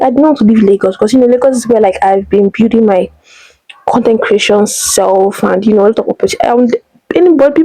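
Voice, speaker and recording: A woman's voice: on the high side, dark tone, dry recording, low-quality recording. A young woman from Nigeria with a Nigerian accent, talking animatedly in a personal vlog, rambling with many fillers and exclamations. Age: young adult. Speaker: vlogger.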